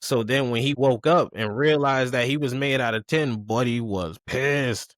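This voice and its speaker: A man's voice: mid-range voice, unhurried, no echo, clean studio sound. A man chatting casually on a podcast, retelling a story with acted quotes and lots of swearing. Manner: animated storyteller who acts out quotes, swears freely.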